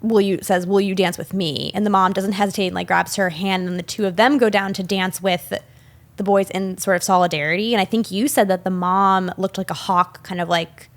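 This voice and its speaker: A young woman co-hosting a film podcast, retelling scenes in a chatty, animated way with many fillers. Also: medium pitch, brisk. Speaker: podcast co-host. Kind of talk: casual film discussion.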